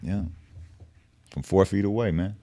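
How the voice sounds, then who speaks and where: Man, middle-aged, very deep voice, blunt and profane street talk, close dry sound. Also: moderate pace, warm tone, no room sound. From San Francisco Bay Area. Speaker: guest. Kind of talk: casual storytelling interview.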